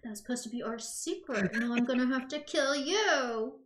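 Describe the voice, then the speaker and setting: A woman's voice: high-pitched, lively intonation, normal speed, a loud crowd. Bubbly young woman in an echoey room. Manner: giggly, bubbly, chatty. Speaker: talk show host. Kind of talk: casual live-stream chat.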